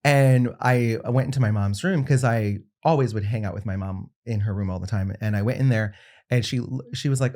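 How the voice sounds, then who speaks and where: A man's voice: lowish voice, brisk, darkish tone. A young adult man, a podcast guest, telling a personal story in casual conversation and acting out the people he quotes.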